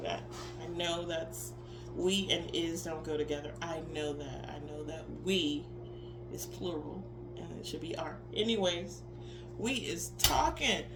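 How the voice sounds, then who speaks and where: A woman's voice: mid-range voice, background noise. Blunt, profane woman in an echoey room. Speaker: tarot reader. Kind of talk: casual spiritual pep talk. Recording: roomy echo with faint ambience.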